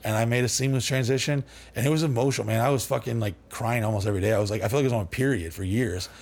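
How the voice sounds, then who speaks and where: A man's voice: on the low side, rapid-fire, creaky, darkish tone, husky. A man as a podcast guest, telling long rambling stories with lots of swearing, fillers and restarts. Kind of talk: casual storytelling.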